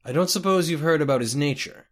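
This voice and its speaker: A man voicing a stout male wood elf who explains in a measured, matter-of-fact way. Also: on the high side, pitched above the performer's own voice, close to an everyday voice. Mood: probing.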